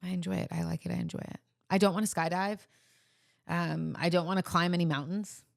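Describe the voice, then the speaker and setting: A woman's voice: on the low side, fairly even intonation, brisk, gravelly, dry recording, studio quality. A woman in her thirties co-hosting a casual podcast chat, earnest and a little emotional, hesitating with ums. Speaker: podcast co-host.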